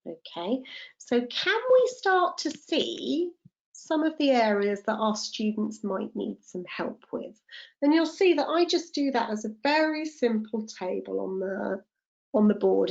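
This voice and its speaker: Woman tutor, higher voice, clear step-by-step explainer, muffled lo-fi stream audio. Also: lively intonation, unhurried. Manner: explanatory, checks in with "okay?". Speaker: TEFL tutor. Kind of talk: live online teacher-training lesson.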